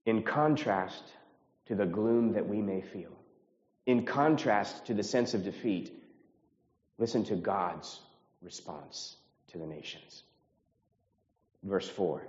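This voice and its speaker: A man's voice: on the low side, slow pace, long pauses, a little mellow. An earnest male pastor from the United States preaching to his congregation, repeating phrases and lifting his voice when stirred. His voice rings through a church sanctuary with a long reverb tail, and the sound is a little dull. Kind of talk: sermon.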